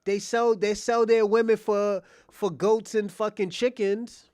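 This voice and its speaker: This livestream host's voice is high-pitched, a little mellow, clear and resonant, with fairly even intonation and a measured pace. Recorded dry at studio quality, he rants at his chat mockingly and provocatively, swearing, repeating himself and restarting phrases.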